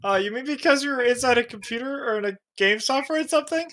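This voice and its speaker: A man's voice: extremely high pitch, fast, bright, forceful tone. A man playing a flustered, earnest young boy. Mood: confused. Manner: hesitant, full of uhs and restarts. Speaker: reader in a group readthrough. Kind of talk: live unscripted fan script reading.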